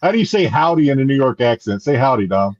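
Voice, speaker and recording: Lively-toned man, dry close sound. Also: mid-range voice, fast talker, no room sound, lo-fi sound. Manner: teasing, lively banter. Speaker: podcast co-host. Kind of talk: casual chat.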